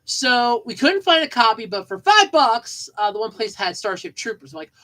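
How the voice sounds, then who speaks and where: A woman hosts a podcast of casual storytelling and movie chat, telling rambling childhood stories, often repeating herself and laughing. Her fairly high voice is sing-song and a bit bright at a moderate pace, on a rough recording.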